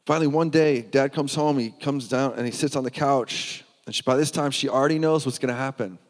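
A pastor preaches to his church, telling a story in an earnest way and often restarting his words. His voice sits mid-pitch and carries a long hall reverb. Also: fairly quick. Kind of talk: sermon.

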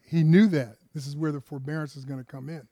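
A man's voice: fairly high pitch, steady tone, quick pace, dark tone, no room sound, muffled recording. A man preaching a conversational sermon, firing rhetorical questions at his listeners and often repeating words and restarting phrases.

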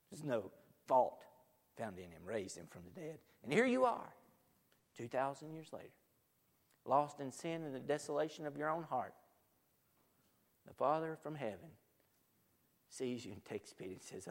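A man preaching a sermon, swinging from loud proclamation to hushed near-whispers, recorded in a church sanctuary. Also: mid-range voice, lively intonation, moderate pace, pauses often. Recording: long hall reverb.

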